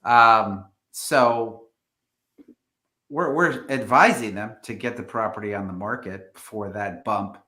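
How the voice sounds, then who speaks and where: Man, low voice, halting speech full of fillers, real estate live stream, roomy echo. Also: pushed and bright. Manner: hesitant, many fillers and restarts. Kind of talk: live stream market discussion.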